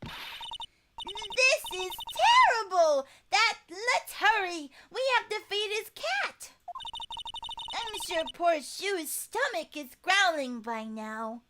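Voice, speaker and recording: A woman doing a squeaky, earnest little girl. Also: wildly swooping pitch, slow, very noisy, full character voice. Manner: earnest, pleading.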